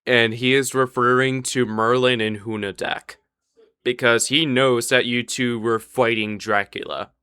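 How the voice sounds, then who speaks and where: A man's voice: mid-range voice, fairly even intonation, unhurried, bright, forceful tone, clear, resonant tone, no echo, studio quality. A young man running a live tabletop game as dungeon master, chatting casually and explaining the rules plainly.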